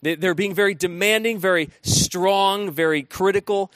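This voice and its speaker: A man's voice: high-pitched, normal speed, fairly bright tone, no echo. A man preaching a sermon in a conversational way, often restarting his sentences and acting out quotes. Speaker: pastor.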